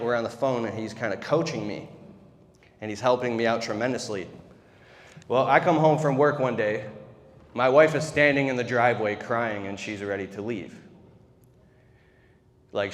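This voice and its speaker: A man giving a keynote speech as a candid, profane, conversational personal story. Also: mid-range voice. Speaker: keynote speaker. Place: large convention hall. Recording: reverberant convention hall.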